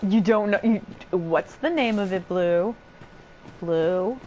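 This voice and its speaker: A woman's voice: medium pitch, expressive, moderate pace, dark tone, slight background noise. A young woman casually commenting as she streams a video game, chatty and laughing, reading chat aloud and swearing.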